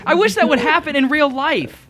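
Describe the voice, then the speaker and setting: A man's voice: very high-pitched, moderate pace. A man joking with friends while making prank calls on a computer mic. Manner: joking, animated. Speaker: prank caller. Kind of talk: casual group chat.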